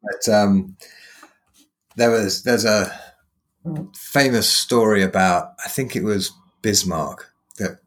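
A man hosting a podcast interview, thoughtful and anecdotal, telling stories with frequent pauses and fillers. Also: lowish voice, a bit bright. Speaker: podcast host. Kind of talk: casual interview chat.

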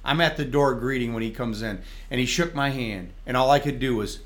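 Man, reverend, from Michigan, testimony, animated storyteller, faith talk show. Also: mid-range voice, a little fast. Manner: animated storyteller, speaking in tongues. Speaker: reverend and guest.

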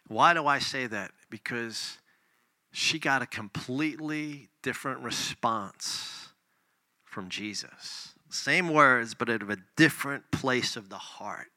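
Preaching man, bright and intimate. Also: mid-range voice, slow pace, no room sound. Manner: impassioned, swings between loud emphasis and hushed near-whispers; reads scripture then explains it conversationally. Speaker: pastor. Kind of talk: sermon.

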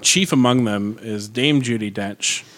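A man's voice: on the low side, a little slow, fairly bright tone, a little hiss or hum. A man co-hosting a podcast in casual chat, blunt and profane, with many fillers and restarts. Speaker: podcast co-host.

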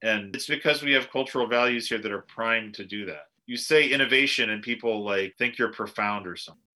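A man from the United States co-hosting a podcast, talking in an animated, opinionated way with frequent restarts. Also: mid-range voice, fairly quick. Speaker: podcast co-host. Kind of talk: casual conversational commentary.

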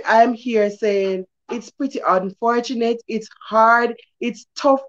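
A woman's voice: on the high side, muffled recording. A woman hosting a kids' news segment, talking earnestly and emphatically to children, her voice swooping up on key words. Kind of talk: preachy morning-show talk to kids.

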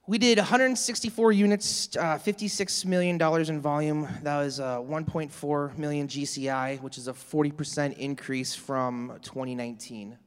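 A man's voice: fairly high pitch, fairly even intonation, moderate pace, few pauses, smooth, in a large hall. A man guest in an interview, telling his story in an upbeat, salesman-like way. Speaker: real estate agent, interview guest. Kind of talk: casual interview talk.

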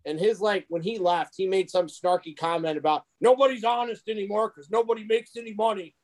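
A man's voice: sits high, steady tone, brisk. A man co-hosting a podcast, telling a sarcastic, mocking story about a rude customer. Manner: sarcastic, mocking retail-job anecdote. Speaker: podcast co-host. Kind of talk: casual storytelling.

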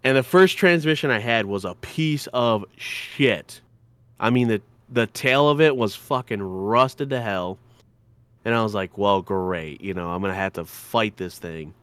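A man's voice: fairly low pitch, unhurried, fairly bright tone, clear, resonant tone, dry recording. Man, podcast co-host, blunt, cussing, joking, dry recording. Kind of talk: casual chat.

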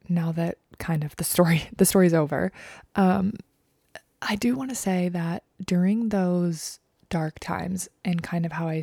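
Slow, mellow-voiced woman podcast host. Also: lowish voice, dry recording, studio quality. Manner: earnest and emotional, often soft and breathy. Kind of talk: personal podcast monologue.

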